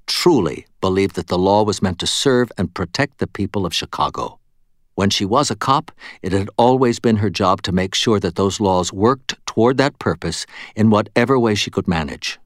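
Man, audiobook narrator, first person, measured, low voice, dry studio sound. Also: dry recording. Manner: measured, understated and low-key.

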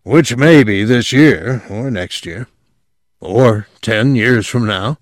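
A man's voice: medium pitch, takes it slowly, dry recording, studio quality, lightly acted. A man voicing an ambitious young male official who speaks breezily and agreeably. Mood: breezy. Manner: breezy, eager, smoothly agreeable.

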